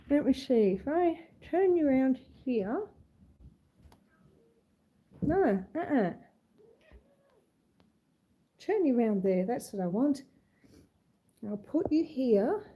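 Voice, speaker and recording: A woman's voice: on the high side, mellow, breathy edge. A woman chatting to her viewers on a homestead vlog as she walks from the cold outdoors into her house, cooing at her pets along the way. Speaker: homestead vlogger. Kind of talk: casual walk-and-talk vlog. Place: outdoors in freezing fog, then indoors in a house.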